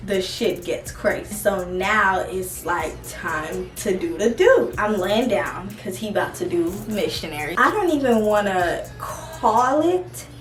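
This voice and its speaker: A woman's voice: medium pitch, animated, unhurried, few pauses, recorded from a distance. A young woman telling a personal storytime in a casual, blunt and profane way, laughing as she goes. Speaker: vlogger. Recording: roomy sound from off the mic with faint music.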